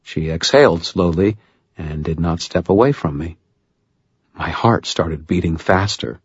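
A man's voice: sits low, unhurried, husky, dull audio. A man reading first-person fiction aloud as an audiobook narrator, with a dry, wry storytelling manner.

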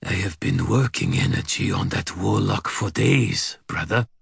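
A man voicing a menacing, contemptuous male dog-spirit villain who speaks slowly in a snarling, archaic way, with a gravelly husky voice. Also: sits low, no room sound, clean studio sound, heavily acted.

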